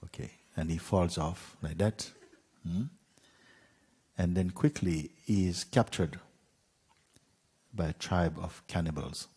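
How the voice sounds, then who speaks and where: A man gently telling a parable as a spiritual teacher, unhurried, with pauses and soft fillers. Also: low voice, a little hiss or hum. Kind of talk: gentle spoken storytelling.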